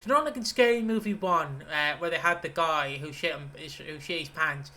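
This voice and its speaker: A man rambles through his ideas on a casual podcast, restarting sentences and swearing along the way. His voice is fairly high and very bright, with a forward, edgy tone. He often stalls and trips over his words. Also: normal speed. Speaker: podcast co-host. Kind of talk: casual chat.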